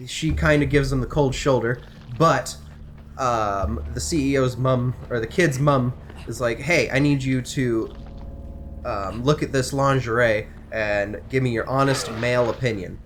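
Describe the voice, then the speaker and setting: A man's voice: mid-range voice, measured pace, slight background noise. A young man in casual chat, animatedly retelling a story with asides and swearing while gaming. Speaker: co-host.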